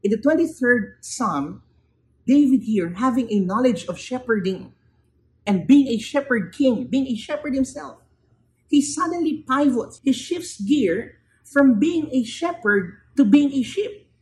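A man preaching a sermon, building to emphatic raised peaks and then dropping low and quiet. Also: expressive, a little slow, a little hiss or hum, low-quality recording.

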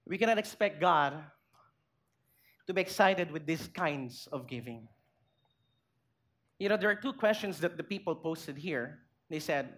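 A woman's voice: sits low, animated, unhurried, pauses often. A woman with a Filipino accent preaching a sermon, acting out little scenes and asking the congregation questions. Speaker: pastor.

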